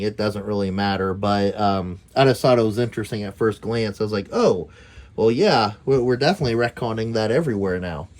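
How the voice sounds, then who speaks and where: A man's voice: on the low side, animated, a little fast, a little mellow. Rambling man reviewing shirts, many ums. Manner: rambling, filler-heavy with frequent um and uh. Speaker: YouTube host reviewing merchandise. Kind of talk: casual product review.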